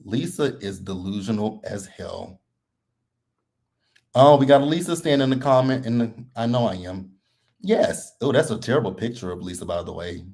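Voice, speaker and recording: A man's voice: lowish voice, moderate pace. A man hosting a live reality TV recap, talking casually and bluntly and laughing a lot. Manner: blunt, animated and laughing often.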